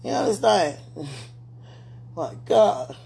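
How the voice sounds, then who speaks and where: A woman's voice: mid-range voice, lively intonation, slow, creaky, mellow, slightly rough. Pleading woman praying aloud. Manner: repetitive, pleading, talking to herself. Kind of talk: emotional spoken prayer.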